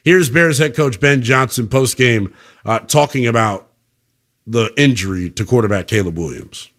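A man hosting a sports radio show, talking with emphatic, opinionated passion that swings from loud to subdued. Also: mid-range voice, animated, moderate pace.

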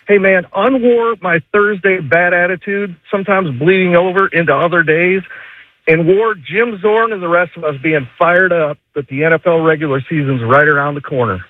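Male radio caller, high voice, sarcastic, dry tinny phone sound. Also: normal speed, dry recording. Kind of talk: phone-in rant.

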